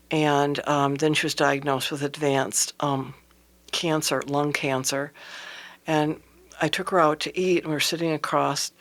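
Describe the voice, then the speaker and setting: A woman tells a heartfelt personal story as a guest on a radio talk show. Her delivery is earnest and halting, with pauses and restarts, and she softens to a near hush at the tender points. She is heard close on a studio microphone. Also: deep voice. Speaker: interview guest.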